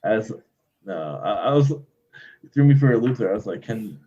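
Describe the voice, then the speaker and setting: A man from Wisconsin, co-hosting a podcast in easygoing casual chat and quick to laugh. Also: on the low side, expressive, warm tone, highs cut off, a little hiss or hum. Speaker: podcast co-host.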